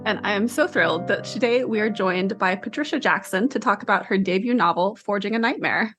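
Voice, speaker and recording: A woman's voice: medium pitch, a little fast, over music. A woman co-hosting a book podcast, chatting casually and laughing often. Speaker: podcast co-host. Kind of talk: casual chat.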